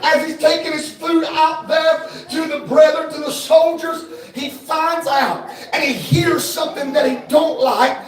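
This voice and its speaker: A man preaching a fervent, shouted sermon to his congregation, acting out the scripture characters as he goes. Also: very high-pitched, fairly even intonation, unhurried, hardly any pauses. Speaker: pastor. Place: large church hall. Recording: echoey church hall from far off, music behind.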